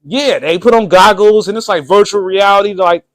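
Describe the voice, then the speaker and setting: Male vlog host, pitched high for a man, loose and slangy, laughs his way through a story. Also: moderate pace. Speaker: channel host.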